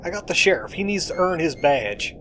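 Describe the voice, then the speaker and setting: A man's voice: fairly high pitch, very animated, fairly quick, a bit bright, slight background noise. Playful man joking through a game. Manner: joking, hums along and voices game lines. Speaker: let's play host. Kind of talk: playful gameplay commentary. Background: faint game music.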